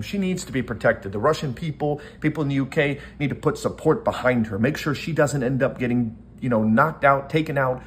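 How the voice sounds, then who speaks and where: A man from the United States delivers impassioned commentary in a mid-range voice. He talks in an earnest, rousing way, stacking phrase after phrase in long lists. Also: medium pitch. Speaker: online commentator.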